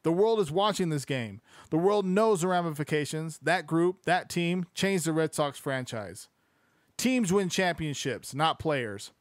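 A man's voice: fairly high pitch, animated, unhurried, no room sound, clean studio sound. A young man hosting a podcast, reading a book aloud casually and breaking off into profane, joking asides. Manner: swears freely, loose and joking.

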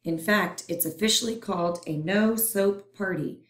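A woman reading a children's picture book aloud in a playful, expressive way. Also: mid-range voice, moderate pace. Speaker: storyteller. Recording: roomy echo.

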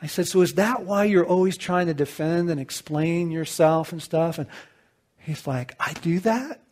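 A middle-aged man telling a personal story as a sermon, swinging between loud bursts and hushed low lines. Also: steady tone, moderate pace. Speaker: Christian author and speaker.

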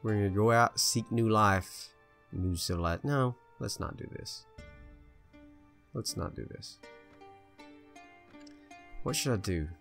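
A man casually commentating his own strategy game play, chatty and indecisive, bossing his troops around out loud. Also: on the low side, takes it slowly, pauses often, faint music behind. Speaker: gameplay video host.

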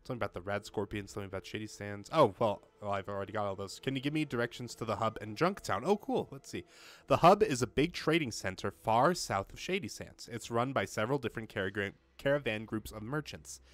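A young let's-play gamer narrates casually into a home desk mic with a pop filter, his fairly low voice quick, lively in intonation and fairly bright. He reads dialogue aloud, jokes at his own expense, and chats away, swearing now and then when frustrated.

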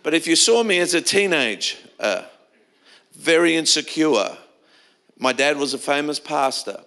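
A man's voice: fairly high pitch, animated, normal speed, sharp tone. A middle-aged man preaching a sermon in a church, telling stories in a conversational way with frequent restarts. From Australia. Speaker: pastor.

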